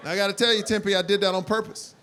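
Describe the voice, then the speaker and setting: A man in his forties performing stand-up on stage in front of a live audience, telling stories animatedly and bursting into loud impressions. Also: high-pitched, little pitch movement, fast talker, a faint crowd, a little hiss or hum. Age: 40s. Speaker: stand-up comedian. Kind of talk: stand-up comedy.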